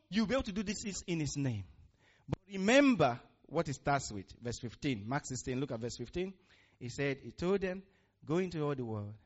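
A man's voice: medium pitch, a little mellow. Male preacher, sermon delivery, emphatic call-and-response, lo-fi sound. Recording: muffled lo-fi recording.

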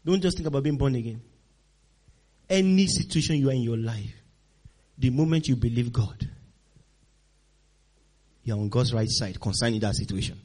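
A man's voice: medium pitch, expressive, normal speed, pauses often. A man preaching a sermon as pastor, emphatic and calling for responses from the congregation, often laughing. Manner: laughs often, swings loud and soft.

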